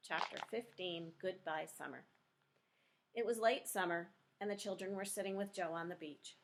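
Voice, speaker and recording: A middle-aged woman reading a children's chapter book aloud in a lively, expressive way. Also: lowish voice, moderate pace, slight background noise. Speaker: storybook reader.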